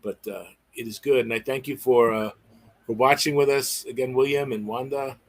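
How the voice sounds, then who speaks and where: A man's voice: medium pitch, fairly even intonation, moderate pace. A man hosting a livestreamed Bible study, affirming his co-teacher with enthusiasm and sounding out word rhythms. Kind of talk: casual livestream discussion.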